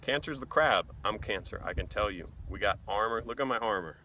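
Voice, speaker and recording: A man explaining things casually in a blunt, animated and profane way. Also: fairly low pitch, a little fast, slight background noise. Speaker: vlogger.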